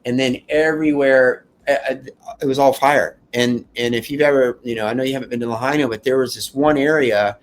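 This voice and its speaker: With fairly even intonation and a mid-range voice, a man gives a heartfelt first-person account of escaping a fire. He halts often and begins his sentences again and again.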